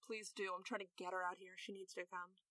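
Woman as chatty, teasing party host; bright, dry. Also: medium pitch, level tone, fast, no room sound, pitched below the performer's own voice, close to an everyday voice. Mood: soft encouraging.

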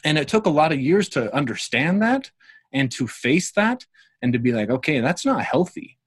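A man, the host, talking calmly and reflectively in a casual conversation. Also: on the high side, moderate pace, husky, no room sound, studio quality.

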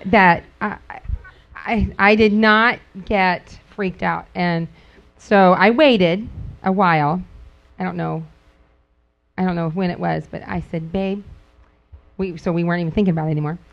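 Animated woman telling a story with laughter. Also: measured pace, gravelly. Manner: animated storyteller, acts out quotes with sudden high squeals; laughs often while talking. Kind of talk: casual talk to a group. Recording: dull lo-fi recording.

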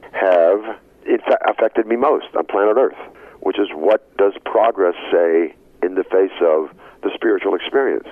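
A man, an actor guest in an interview, talking in an expressive, rambling way that swings between loud excitement and low murmurs. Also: no echo. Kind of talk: animated interview talk. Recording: tinny phone line.

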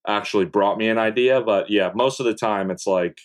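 A young man with a low voice talks as a podcast guest. He is laid-back and rambling, leans on fillers and drops casual swears along the way. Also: a little fast. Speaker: podcast guest, content creator. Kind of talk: casual interview chat.

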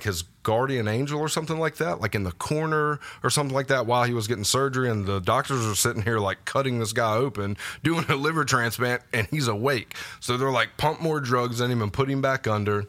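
A man telling a personal faith story as a podcast guest, casual and halting, with many fillers and restarts. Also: mid-range voice, a bit bright. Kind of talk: personal testimony in a podcast interview. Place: podcast studio.

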